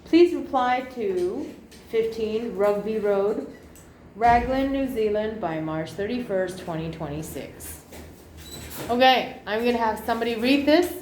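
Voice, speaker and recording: A woman's voice: fairly high pitch, lively intonation, slow pace, slight background noise. Chatty woman teacher in echoey room. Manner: chatty, jokey asides while reading aloud. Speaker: English teacher. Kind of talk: classroom exam reading and explanation. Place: classroom.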